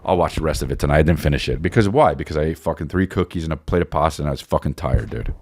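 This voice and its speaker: A man's voice: very deep voice, expressive, rapid-fire, no echo. A man hosting a podcast, rambling and swearing casually. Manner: rambling, profane, offhand. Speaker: podcast host. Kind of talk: casual chat.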